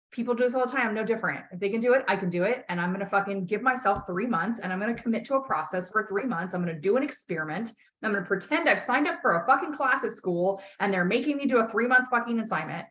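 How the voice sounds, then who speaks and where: A woman's voice: mid-range voice, expressive, quick pace, hardly any pauses, a bit bright. A woman life coach on a call, talking bluntly and emphatically, swearing often and repeating key phrases to encourage her client.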